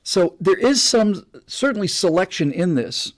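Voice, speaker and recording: A man hosting a live stream, telling an anecdote in a casual, animated way with many restarts. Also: sits high, measured pace. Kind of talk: casual storytelling monologue.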